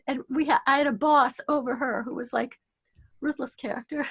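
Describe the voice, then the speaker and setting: A woman's voice: high voice, steady tone, slightly rough. Middle-aged woman teaching torah, earnest personal stories, stops and restarts mid-sentence. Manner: halting, many restarts, earnest storytelling. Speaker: religious teacher.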